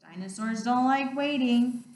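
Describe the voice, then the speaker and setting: A woman teacher reading picture books aloud, expressive and playful, with roars. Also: fairly high pitch, unhurried. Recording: roomy sound, distant mic.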